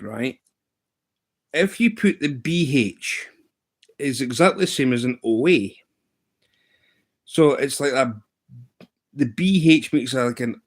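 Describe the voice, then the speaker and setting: Scottish guy in his 30s rambling thru a story on stream, mid pitch, does little voices for people. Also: breathy edge. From Scotland. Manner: rambling, jumps pitch to mimic others in anecdotes. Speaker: live streamer. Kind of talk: casual livestream storytelling.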